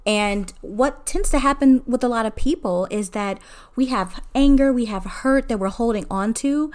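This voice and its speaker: A woman's voice: fairly high pitch, moderate pace, darkish tone. A middle-aged mother talking earnestly and conversationally about family conflict, with frequent fillers, in a reflective personal talk. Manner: earnest, conversational, many "you know" fillers. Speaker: mother sharing advice.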